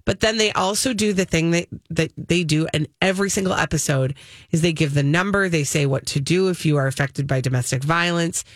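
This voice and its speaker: A woman's voice: sits low, fairly quick, no echo. Chatty woman co-host, dry studio sound. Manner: animated, teasing build-ups with many fillers. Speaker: radio co-host. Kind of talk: casual morning show chat.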